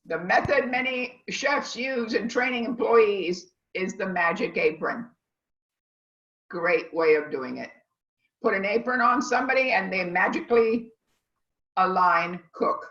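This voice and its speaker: This woman teaches a cooking class by video call, lecturing online with emphatic, meandering, teacher-like delivery. She speaks at a measured pace in a medium pitch that's a bit bright, and the recording is dull, echoey and lo-fi.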